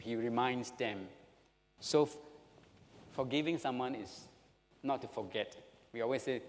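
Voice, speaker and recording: A man with a Singaporean English accent preaching a sermon, animated and asking his listeners questions. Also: on the low side. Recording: long reverb of a hall.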